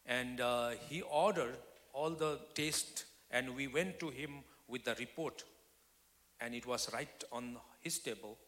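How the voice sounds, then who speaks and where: Man, guest preacher, bright forceful tone, testimony sermon swinging between loud and whispered, church hall reverb. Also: medium pitch, measured pace. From Nepal. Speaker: guest speaker.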